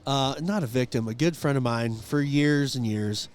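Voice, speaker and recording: A man's voice: medium pitch, moderate pace. A man co-hosting a casual rodeo podcast, telling funny stories and acting out the quotes. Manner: animated joking storyteller, acts out quotes. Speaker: podcast co-host. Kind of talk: casual storytelling chat. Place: outdoors at a rodeo.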